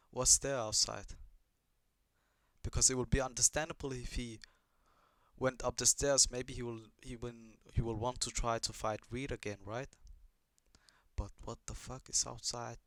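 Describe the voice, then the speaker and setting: A man's voice: mid-range voice, sharp tone, no echo. A young man giving casual reaction commentary on an anime, swearing a lot, rambling and asking puzzled questions.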